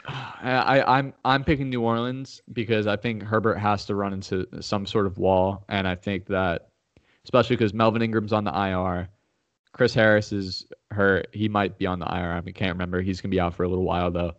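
A man's voice: on the low side, level tone, brisk, no room sound, highs cut off. A man talking casually through football picks, rambling with restarts and getting heated and profane when challenged. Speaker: podcast host making game picks. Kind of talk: casual sports chat.

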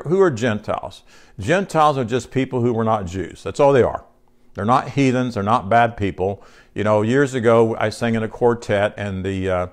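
A male pastor preaching in a conversational sermon style, reading scripture aloud and putting questions to his congregation. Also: fairly low pitch. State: short on sleep.

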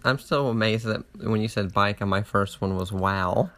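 A man's voice: fairly low pitch, normal speed, fairly bright tone, slight background noise. A man in a casual chat with his partner, playful and teasing, laughing often. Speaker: partner in a couple's game session.

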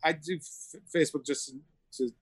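A man's voice: on the high side, steady tone, moderate pace, breathy edge. A man talking as a guest over a video call, reflective and motivational. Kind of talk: casual interview talk.

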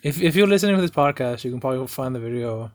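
A man's voice: medium pitch, lively intonation, very fast, dry recording. Young male host, eager, stumbling chatter, dry sound. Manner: enthusiastic, stumbling restarts, laughs often. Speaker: podcast host. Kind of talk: casual chat reacting to videos.

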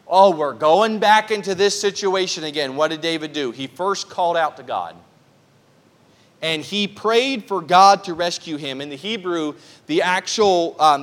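High-voiced man preaching a sermon. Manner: earnest, reads scripture slowly, restarts phrases. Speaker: pastor. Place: church.

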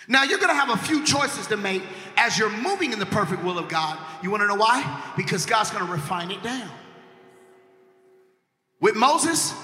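A man preaching a sermon to a congregation, going from quiet talk to shouted, sung-out lines and calling for responses. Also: high voice. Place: church. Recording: echoey church hall with music behind.

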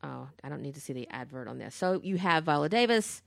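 A woman co-hosting a podcast in casual chat, blunt, profane and animated. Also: sits low, quick pace, gravelly, no room sound, studio quality. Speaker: podcast co-host.

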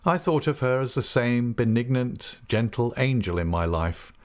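A man narrating an audiobook in the first person, reading in an earnest, expressive way. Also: medium pitch, moderate pace.

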